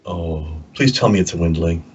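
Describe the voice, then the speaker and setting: A man tosses wisecracks into a tabletop game session. His voice is husky and a little muffled. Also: low voice, normal speed. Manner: wisecracking banter. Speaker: player. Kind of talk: casual tabletop play.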